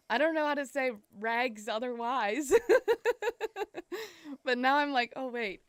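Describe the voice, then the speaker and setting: A woman's voice: high voice, takes it slowly, fairly bright tone, smooth. A young woman with a Canadian accent chatting casually while streaming a game, giggling often. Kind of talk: casual gameplay commentary.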